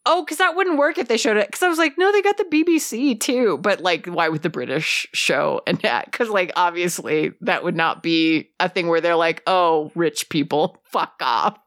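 A woman co-hosting a podcast in casual chat, animated and swearing freely as she acts out quotes. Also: lowish voice, moderate pace, few pauses, no echo, studio quality. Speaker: podcast co-host.

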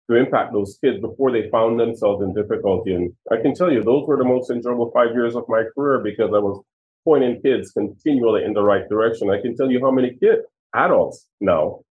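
A man's voice: mid-range voice, slight background noise. A man in his sixties, a former police chief, telling personal stories earnestly and with emotion in an interview. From Jamaica. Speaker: retired police chief, guest. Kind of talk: storytelling interview answers. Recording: tinny phone-like line.

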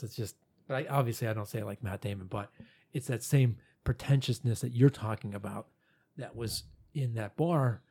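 A man with a dark, mellow tone and a husky edge, talking bluntly and swearing freely. It is an easygoing podcast chat among co-hosts. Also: medium pitch, normal speed. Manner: blunt and profane. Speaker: podcast co-host. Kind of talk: casual chat.

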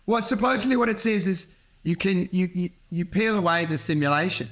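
A man talks in a casual podcast chat, running on with loose, rambling thoughts. He laughs a lot and swears freely as he goes. His voice sits high for a man. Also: fairly quick, a bit bright. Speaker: comedian and podcast host.

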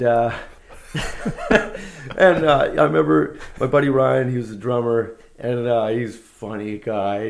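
Gravelly man telling a rambling story. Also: mid-range voice, a little mellow. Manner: rambling and laid-back, with many fillers and restarts. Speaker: guest musician. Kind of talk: casual anecdote-telling in conversation.

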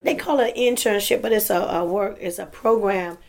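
A middle-aged woman recalling grief in an interview, halting and repeating words. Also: mid-range voice, gravelly, darkish tone. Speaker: interviewee, victim's mother. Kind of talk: recounting interview.

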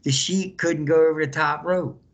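High-voiced man telling stories animatedly. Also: fairly even intonation, normal speed. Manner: acts out quotes, shouts and laughs while telling stories. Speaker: interview guest. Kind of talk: animated storytelling in conversation.

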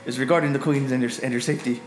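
A man's voice: medium pitch, fairly even intonation, racing, lightly acted. A man voicing a nervous, stammering old male wizard in a tabletop game. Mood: flustered. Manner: stammering, flustered. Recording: echoey room, faint music.

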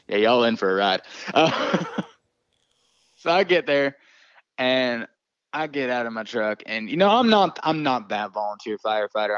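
A man's voice: lowish voice, dry recording, highs cut off. A man telling a profane, rambling work story as a volunteer firefighter, laughing often. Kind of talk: casual storytelling.

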